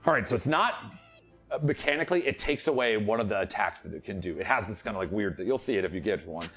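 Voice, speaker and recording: A man narrating a tabletop game as dungeon master, telling the action in an animated, playful way with laughing asides. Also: fairly low pitch, quick pace, breathy edge, faint music behind.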